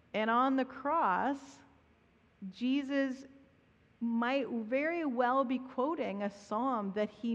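Woman pastor giving a sermon, earnest and reflective, long echo, kinda muffled. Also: on the high side. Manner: earnest, reflective, softening for quoted prayers. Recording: dull audio with long hall reverb.

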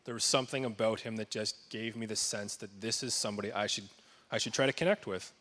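Man, lower-pitched voice, earnest, reverent, church address, scripture blessing. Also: pushed and bright. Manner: earnest and reverent, with a few pauses and restarts. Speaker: church member leading a farewell blessing for the pastor. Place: church service before a congregation.

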